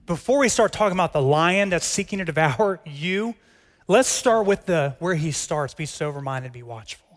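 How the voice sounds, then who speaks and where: In a church hall, a middle-aged male pastor delivers a sermon in a fairly high, animated voice at normal speed, with a long reverb tail trailing behind it. He speaks conversationally and earnestly, moving from soft, intimate asides to emphatic, pressing questions.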